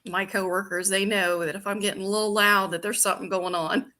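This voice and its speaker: Woman, retiring dispatch supervisor, interview guest, plain-spoken, bright voice. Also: medium pitch, flat delivery, fairly quick. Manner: plain-spoken, laughs between answers. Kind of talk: casual interview answers.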